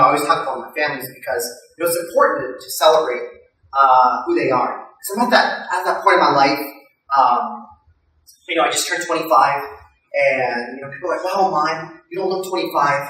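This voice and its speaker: A man's voice: mid-range voice, a little fast. A man in his thirties from the United States, telling self-deprecating stand-up stories to a live audience in an echoey venue, heard from a distant mic. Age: 30s. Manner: animated, self-deprecating storytelling. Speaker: stand-up comedian. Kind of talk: stand-up storytelling.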